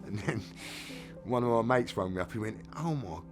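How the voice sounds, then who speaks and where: Speaking over music in a fairly low, steady voice at normal speed, a middle-aged Englishman talks openly about his own life. The storytelling is first-person, candid, casual, and plain-spoken.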